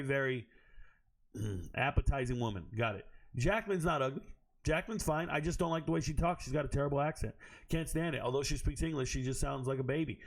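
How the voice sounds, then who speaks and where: A man hoarse from screaming, giving a blunt, profane and animated monologue recapping fights and bets as the show's host. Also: mid-range voice. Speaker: MMA betting analyst.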